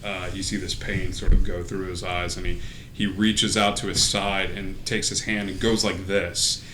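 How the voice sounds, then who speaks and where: A man's voice: low-pitched, level tone, moderate pace, a bit bright. A man narrating a tabletop game as game master, casual, with many fillers and frequent laughs. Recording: echoey room with faint noise.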